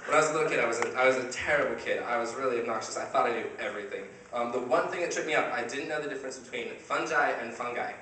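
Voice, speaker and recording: A man's voice: mid-range voice, rapid-fire, few pauses. A young man performing a stand-up comedy set at a student competition, talking conversationally and checking in with the crowd. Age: young adult. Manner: conversational, asks the crowd "right?" often. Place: university comedy competition stage, audience laughing. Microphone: filmed by a shaky camera from the audience. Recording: echoey hall taped from far off, noisy.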